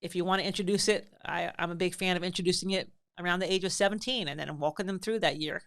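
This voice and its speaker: Middle-aged woman, podcast host, slightly low voice, earnest and emphatic, chatty advice with fillers. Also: steady tone, fast talker, fairly bright tone. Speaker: podcast host and parenting advisor. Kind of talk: casual advice talk.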